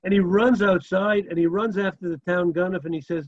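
A man with a high-pitched, steady voice teaches a Torah class, telling stories and mixing Hebrew terms into his English. He speaks briskly with few pauses, often checking in with rhetorical "right?" and "okay?", and the audio is dull.

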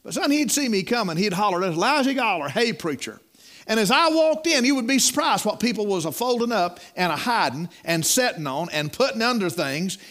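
A middle-aged man delivers a sermon, swooping up and down in a lively, high-pitched voice. He talks in a folksy storytelling way, stumbling over and repeating words and calling out "my friend.". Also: a little fast, few pauses. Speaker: preacher.

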